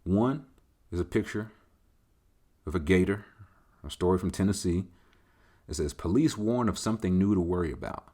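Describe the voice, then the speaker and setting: A man with a deep, low voice hosts a podcast and works through listener questions. He talks in a loose, rambling, joking way, full of slang and the odd swear word. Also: moderate pace, long pauses, dark tone, husky. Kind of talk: casual chat.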